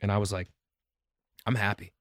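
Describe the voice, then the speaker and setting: A man's voice: on the low side, level tone, normal speed, a bit bright, no room sound, studio quality. A man in his forties, a comedian guesting on a podcast, who talks in an earnest, reflective way and often repeats his phrases. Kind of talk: casual conversation.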